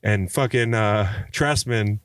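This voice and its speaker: A man on a podcast, telling a story in casual chat, animated and swearing, acting out quotes. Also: lowish voice, slow pace, clear, resonant tone, no room sound. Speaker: podcast guest.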